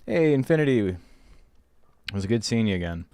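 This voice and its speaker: A man's voice: on the low side, animated, normal speed, dark tone. A young man, a streamer chatting casually and telling rambling stories, swearing freely. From Canada. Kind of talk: casual stream chat and storytelling.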